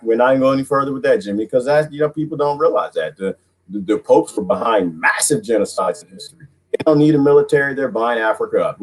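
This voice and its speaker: A man hosting a livestream who talks in an animated, mocking way, laughs often, and is losing his voice. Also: mid-range voice, rough recording. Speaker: livestream host reading viewer comments. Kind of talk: casual livestream monologue.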